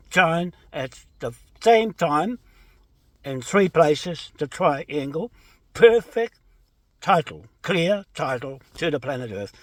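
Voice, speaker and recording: A middle-aged man giving a rambling public statement, ranting and swearing, repeating himself, with sudden loud outbursts and slow drawn-out phrases. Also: on the high side, no room sound. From New Zealand.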